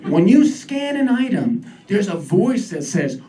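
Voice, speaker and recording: Performing stand-up at a comedy club, a man with a high, sing-song voice and moderate pace delivers sardonic, self-deprecating material and gets worked up as he rants. The mic is distant, and the crowd is heard laughing.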